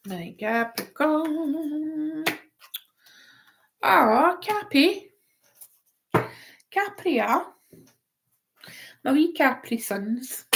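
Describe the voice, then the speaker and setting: A woman's voice: on the high side, noisy background. A woman giving a live-stream tarot reading in a chatty, rambling way, often going off on tangents. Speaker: tarot reader.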